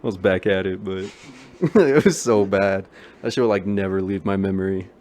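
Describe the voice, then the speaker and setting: Young male co-host, deeper voice, laid-back slangy chatter. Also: normal speed, darkish tone, slight background noise. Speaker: podcast co-host. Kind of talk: casual chat.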